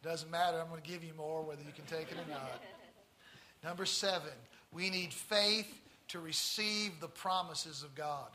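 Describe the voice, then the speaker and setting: A man with a Tennessee accent preaching a sermon, stressing key words slowly and turning to the congregation with folksy asides. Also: on the high side, steady tone, bright, forceful tone, a little hiss or hum. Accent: Southern US, Tennessee.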